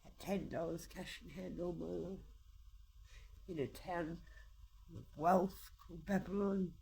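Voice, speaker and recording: Woman, 50s, gravelly edge, aggrieved and rambling, talking straight to camera. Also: fairly low pitch, steady tone, measured pace, a little mellow, a little hiss or hum, rough recording. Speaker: vlogger giving personal testimony. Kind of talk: emotional spoken monologue.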